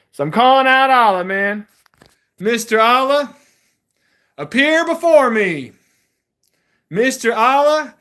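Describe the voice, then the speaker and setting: A man hosting a live stream, ranting in a heated, defiant way, laughing often and breaking into shouts, with lots of "man" and "dude". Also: very high-pitched. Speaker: livestream host.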